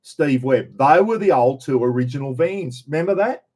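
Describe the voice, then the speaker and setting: Australian man, middle-aged, mid-pitched voice, rambling casual livestream chat, blokey humour. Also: lively intonation, moderate pace, darkish tone. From Queensland, Australia. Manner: chatty, rambling, blokey and jokey. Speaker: livestream host. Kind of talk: casual livestream chat reading viewer comments.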